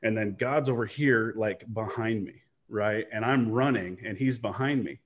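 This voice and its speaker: A man with a slightly low voice shares a personal story on a video call, earnest and reflective. He rambles a little, restarting sentences and tagging thoughts with "right?". He has the easy, candid tone of a business coach being interviewed. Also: normal speed, muffled recording. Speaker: online business owner and coach.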